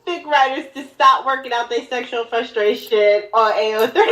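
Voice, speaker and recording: A woman co-hosting a podcast in casual chat, loud and expressive, laughing often. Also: a little high, reverberant, a little hiss or hum. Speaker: podcast co-host.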